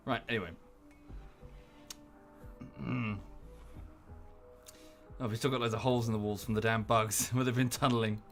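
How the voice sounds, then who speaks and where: A British man streams a game and chats loosely, full of ums and restarts, at an ordinary pitch for a man. When he quotes someone he jumps into high, exaggerated voices. Faint music plays underneath. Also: little pitch movement, moderate pace, long pauses. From United Kingdom. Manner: rambling, chatty, hesitant with many fillers. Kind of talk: casual chat while playing a game.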